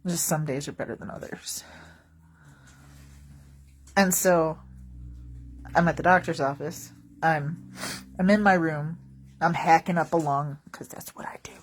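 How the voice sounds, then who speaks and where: A woman with a slightly low voice talks casually to her viewers in a vlog. She tells stories with a wry, joking tone and wanders off into asides. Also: measured pace, pauses often, slight background noise. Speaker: vlogger. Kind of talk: casual comedic storytelling.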